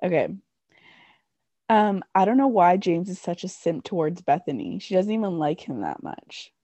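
A young woman with a lively, swooping voice, chatting upbeat and encouraging. She laughs easily. Her sound is close and dry, with no room around it. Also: lowish voice, normal speed, no echo. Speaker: podcast co-host. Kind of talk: casual chat.

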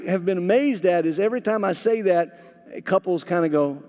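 A man preaching a sermon as a pastor, telling stories with animated, lively acted-out dialogue. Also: high-pitched, normal speed, long reverb tail. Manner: animated storytelling, acting out quoted voices. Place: church sanctuary.

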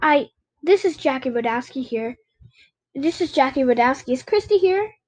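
A woman's voice: sits high, normal speed. A woman voicing an eager, anxious young boy in a children's story read aloud. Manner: breathless, excited and tremulous.

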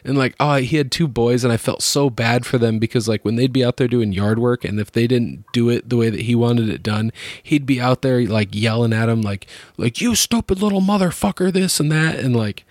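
A man at mid pitch, talking casually and animatedly through funny stories, laughing and cursing as he goes. His voice sits close and dry on the mic, with no room sound. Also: fairly quick, no room sound. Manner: animated, swearing, laughing storyteller. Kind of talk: casual storytelling chat.

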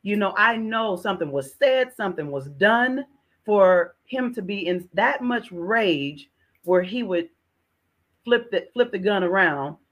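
A middle-aged woman gives a heartfelt personal testimony, speaking earnestly at a mid-range pitch. She repeats words as she goes and calls her listener "sis" again and again. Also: animated, measured pace. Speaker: podcast guest.

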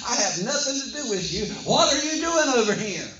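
A man's voice: very high voice, big pitch swings, brisk, bright, forceful tone, far from the mic, voice pushed up, heavily acted. A protesting male devil with a strained, raised voice, as a preacher acts him out mid-sermon. He sounds defensive and indignant, and the sound is echoey and a little dull.

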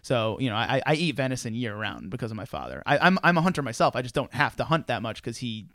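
A young man hosting a podcast, telling stories in a casual, animated way with lots of restarts and fillers. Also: mid-range voice, quick pace, dry recording, clean studio sound. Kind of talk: casual conversation.

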